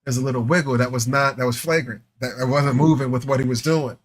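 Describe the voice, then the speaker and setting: A man in his forties co-hosting a live podcast, telling stories in an animated, joking casual chat. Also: medium pitch, fast talker. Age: 40s. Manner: animated, joking, laughing storyteller. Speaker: podcast co-host.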